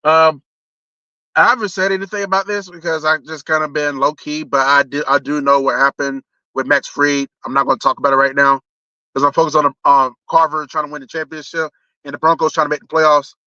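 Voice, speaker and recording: A young man vents on his live stream in a bright, forceful voice, slightly high for a man. He talks bluntly, swears freely and keeps restarting his sentences. The stream audio sounds dull and lo-fi. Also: flat delivery, fairly quick, no echo. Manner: blunt and profane, with frequent restarts. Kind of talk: casual live-stream sports rant.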